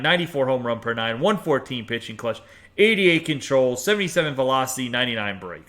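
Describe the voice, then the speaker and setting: A man's voice: high-pitched, pushed and bright. A man from the United States who grew up in Pittsburgh, giving a chatty, opinionated review of video game player cards and reading off long lists of stats. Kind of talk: casual game card review.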